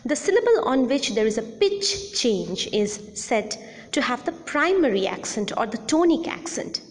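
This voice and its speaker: A woman giving a recorded audio lecture, explaining slowly and deliberately with repeated examples. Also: fairly high pitch, very animated, long reverb tail.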